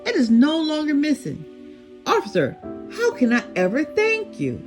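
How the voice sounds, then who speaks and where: A woman voicing an eager, fussy male dinosaur detective in a storybook, speaking in excited exclamations. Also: high-pitched, moderate pace, music in the background, pitched above the performer's own voice.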